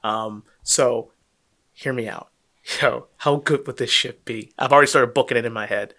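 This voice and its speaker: Bright-voiced, excitable profane podcaster man. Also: mid-range voice, moderate pace. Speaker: podcast co-host. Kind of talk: casual podcast chat.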